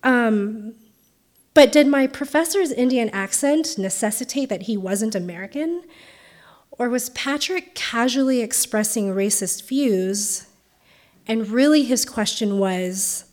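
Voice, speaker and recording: A woman in her twenties with a Californian accent and a fairly high voice shares a personal story. She talks conversationally and often pauses on ums. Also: animated, darkish tone. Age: 20s.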